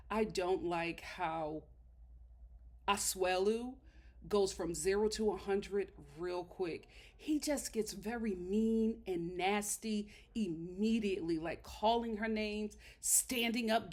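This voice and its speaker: Sassy, outspoken woman vlogger, slightly high voice. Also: fairly bright tone. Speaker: reality TV review vlogger. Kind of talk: casual commentary to camera. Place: small studio.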